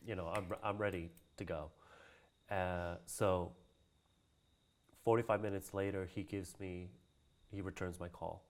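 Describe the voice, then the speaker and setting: Low-voiced guy spinning an animated story, laughing a lot, doing everyone's voices. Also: unhurried, pauses often. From Hawaii. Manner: animated storyteller who laughs often and acts out quoted voices. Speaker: guest, cultural practitioner. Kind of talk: casual storytelling interview.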